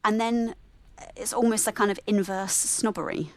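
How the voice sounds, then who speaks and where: A woman with a softened English Midlands accent, a nurse talking candidly and reflectively as a podcast guest, often correcting herself mid-sentence. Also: medium pitch, fairly even intonation, normal speed. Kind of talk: relaxed podcast conversation.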